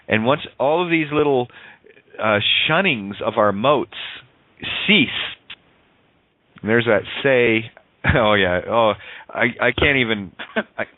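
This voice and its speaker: Male call-in radio host, animated, profane, laughing; thin, dry phone-quality audio. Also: medium pitch, dry recording. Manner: animated, swears freely, laughs often, wordplay on sounds. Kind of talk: excited, rambling call-in radio talk.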